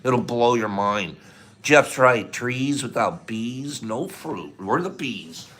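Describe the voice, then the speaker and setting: Animated, emotional man hosting a livestream. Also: mid-range voice, slow, slight background noise. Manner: emotional, gets choked up and clears his throat; animated, jumping between loud bursts and soft murmurs. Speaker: livestream host. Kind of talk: casual livestream chat.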